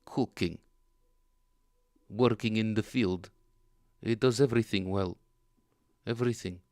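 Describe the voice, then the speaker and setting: A man putting on a thick Russian accent to play a boastful Russian man who swears by his one bass, declaiming loudly. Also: a little slow, no echo, natural voice. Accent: put-on Russian.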